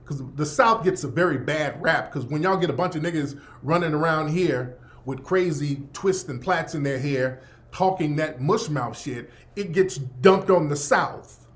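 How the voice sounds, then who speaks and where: A man's voice: a little high, a little slow. A man hosting a radio show, delivering a blunt, profane, emphatic opinion monologue. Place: Los Angeles.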